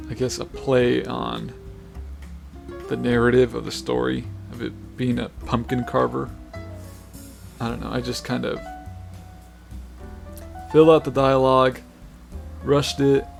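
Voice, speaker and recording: Guy with a gravelly voice rambling excitedly in a vlog, mid pitch, soft guitar music behind him. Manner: excitable, swears casually, restarts sentences. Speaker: comic artist vlogger. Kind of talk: casual vlog chat.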